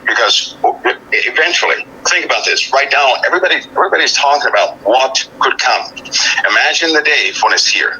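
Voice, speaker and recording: A man speaking as a guest over a cell phone in a call-in interview. He talks in a halting, grave way, with many restarts and repeated words. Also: mid-range voice, expressive, bright, forceful tone, a little hiss or hum, rough recording.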